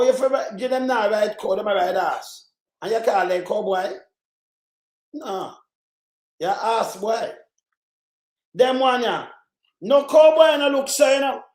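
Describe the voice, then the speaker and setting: A woman with a Jamaican accent ranting casually to camera, insistently repeating herself in a mocking tone and breaking into loud shouts. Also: fairly high pitch, echoey room. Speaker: vlogger.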